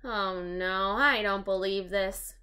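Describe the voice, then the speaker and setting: A woman's voice: medium pitch, fairly even intonation, slow, pushed and bright, smooth. A woman voicing a cautious young boy who frets and complains in a storybook reading. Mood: exasperated. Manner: fretful, exasperated.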